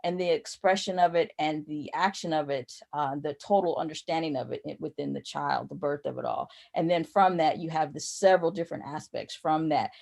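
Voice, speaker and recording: A woman's voice: low-pitched, fairly quick, creaky, few pauses, darkish tone. Rambling woman teaching spiritual lessons. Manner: rambling, repeats phrases, loses her thread.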